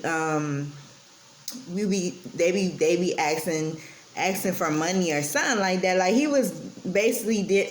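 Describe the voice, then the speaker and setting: A woman's voice: medium pitch, slight background noise. A young woman telling a rambling, casual storytime, full of fillers and restarts. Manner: rambling, lots of fillers and restarts, heated at times.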